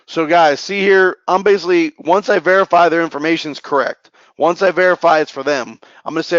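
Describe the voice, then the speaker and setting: Energetic fast-talking man, muffled recording. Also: on the high side, no room sound. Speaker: sales trainer. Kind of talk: sales training with role-play.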